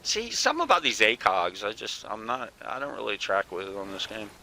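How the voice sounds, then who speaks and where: A laid-back man hosting a gaming chat, swearing at every turn and calling everyone bro. His voice is strikingly bright and sharp. There is a faint hiss of noise under it. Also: fairly low pitch, wildly swooping pitch, a little fast, rough recording. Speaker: channel host, former soldier.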